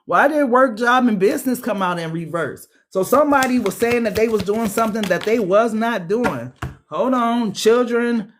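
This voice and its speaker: A man giving a casual tarot reading, profane and animated, calling his viewers beloved. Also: high voice, a little hiss or hum. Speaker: tarot reader.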